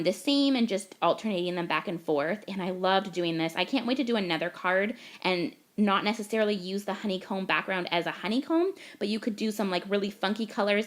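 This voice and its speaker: Woman, young adult, from Canada, craft tutorial voice-over, chatty, gushing, mid-range voice. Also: medium pitch. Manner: gushing, chatty step-by-step explaining. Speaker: card-making crafter.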